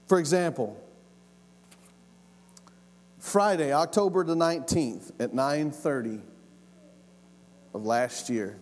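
A man's voice: fairly high pitch, darkish tone. A man preaching a sermon as a pastor. He talks with passion and often repeats key phrases for emphasis. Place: church hall. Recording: long hall reverb.

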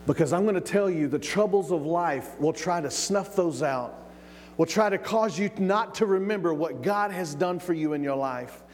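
A preacher with a fairly high voice, delivering a sermon emphatically and stretching out key words. His voice rolls through the long reverb of a large hall. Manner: emphatic, drawn-out pauses, calls of amen.

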